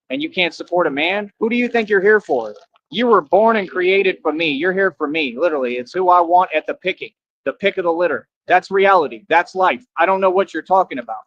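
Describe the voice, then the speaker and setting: A man's voice: on the high side, a bit bright, dry recording, highs cut off. A man on a livestream, boasting and trash-talking his viewers in a brash, confrontational, slangy way.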